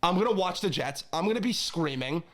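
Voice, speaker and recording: A young man co-hosting a casual sports chat, excitable and quick to rant and get worked up. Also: sits high. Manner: excitable, ranting, gets worked up. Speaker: co-host.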